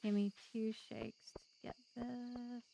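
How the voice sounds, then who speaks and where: A woman's voice: on the high side, little pitch movement, takes it slowly, creaky, background noise. A woman hosting a let's play, giving casual gameplay commentary with chatty, joking asides to viewers.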